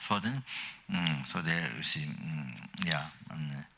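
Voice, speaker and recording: An older man gives a halting, meandering Dharma teaching, his very deep voice gravelly and husky yet edged with sharpness. He speaks slowly, trails off into fillers and restarts, and stops to cough often. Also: big pitch swings, sharp tone. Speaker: Buddhist teacher.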